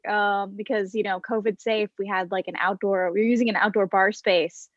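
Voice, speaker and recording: A woman's voice: medium pitch, fairly even intonation, normal speed, few pauses, a bit bright, no echo, highs cut off. A young woman doing a stand-up comedy set over an online stream, wry and self-deprecating, chatty with lots of fillers.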